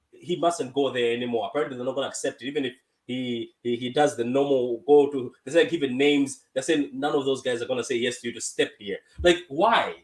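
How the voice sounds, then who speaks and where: A man from Malawi co-hosting a podcast, chatting casually and laughing often through lively banter. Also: mid-range voice. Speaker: podcast co-host. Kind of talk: casual chat.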